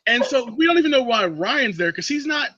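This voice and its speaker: A man hosting a casual movie review chat, recapping scenes with sarcastic, animated commentary. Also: very high-pitched, fairly quick, highs cut off, slight background noise. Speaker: podcast host.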